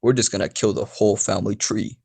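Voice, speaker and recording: A man's voice: fairly low pitch, fairly even intonation, fast, creaky, a little mellow, slightly rough. A man voicing a cruel male ninja captor who gloats. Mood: gloating.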